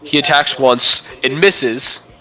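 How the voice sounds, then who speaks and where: A man's voice: medium pitch, slow pace, sharp tone. A young man running a tabletop game as game master, narrating in a casual, rambling way and swearing freely.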